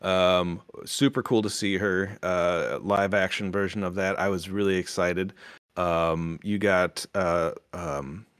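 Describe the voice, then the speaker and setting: A low-pitched man talks in a loose, rambling way as a podcast host, with plenty of ums and false starts. His voice is close and dry, with no room around it. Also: little pitch movement, slow pace, a bit bright, smooth, no echo. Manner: rambling, many fillers and restarts. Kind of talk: casual review chat.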